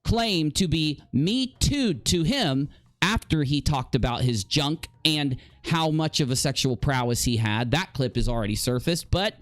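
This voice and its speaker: A man's voice: on the high side, expressive, unhurried, no room sound. A man hosting an online commentary video, confronting his opponent directly in a mocking, combative way. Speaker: commentary host.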